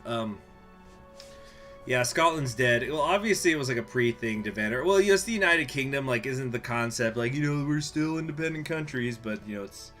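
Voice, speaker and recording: A man's voice: medium pitch, expressive, normal speed, a bit bright. Casual male game streamer, faint music. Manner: casual, laughing, crude asides between read-aloud passages. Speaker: streamer playing a strategy game. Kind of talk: live game stream, reading event text and joking with chat.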